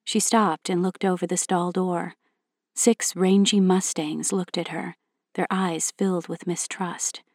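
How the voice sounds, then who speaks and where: A woman narrating a storybook in a steady, clear reading voice. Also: fairly low pitch, no echo, studio quality.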